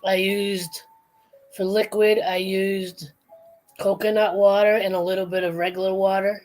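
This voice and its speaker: A woman's voice: medium pitch, flat delivery, unhurried, darkish tone, faint music behind. A woman hosting a casual late-night livestream, chatting in a rambling way with many restarts. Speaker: livestream host.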